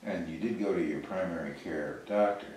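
A man, a doctor asking measured, hesitant questions during a consultation. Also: sits low, a little mellow. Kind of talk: consultation with a patient. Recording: echoey room, mic far off, faint noise.

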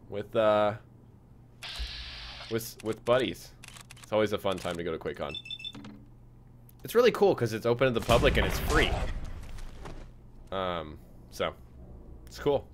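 This young streamer has a fairly low voice and a measured pace, pausing often, with slight background noise behind him. He chats casually over gameplay in a relaxed way, reading viewer messages and using many fillers.

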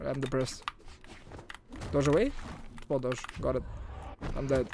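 A young man with a non-native English accent streams live gameplay commentary, excitable and veering between groans and shouts. His medium-pitched voice is creaky and unhurried, with slight background noise behind him.

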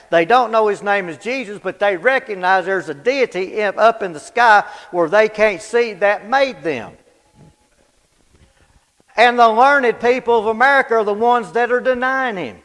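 A high-pitched man delivers a plain, folksy Bible study sermon, emphatic and repetitive as he drives his points home. He swings from loud declarations down to low, hushed asides, and the church hall adds a long echo.

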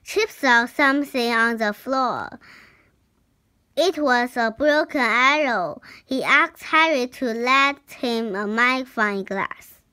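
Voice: mid-range voice, slow, sharp tone, smooth. A child reading a storybook aloud, word by word, with small slips. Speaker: reader.

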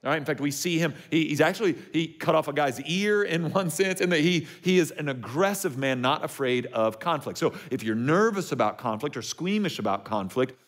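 A man, a pastor, preaching a sermon in a conversational, animated way. He keeps checking in with his listeners and acts out quotes with lively jumps in his voice. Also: fairly high pitch, fairly quick, hardly any pauses.

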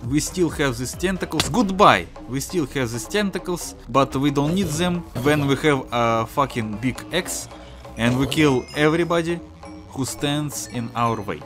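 Russian accent guy yelling trash talk over his game, kinda high voice, loud music behind. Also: unhurried. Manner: excitable, profane trash talk. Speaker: gaming YouTuber. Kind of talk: gameplay commentary.

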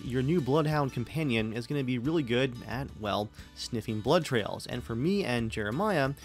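A man hosting a gaming channel, chatty and upbeat as he introduces a sponsored video. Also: mid-range voice.

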